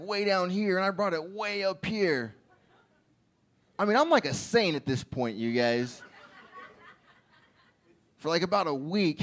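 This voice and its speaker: A man doing a crude stand-up set, telling stories and laughing at his own jokes. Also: high voice. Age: adult with a child. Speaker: stand-up comedian.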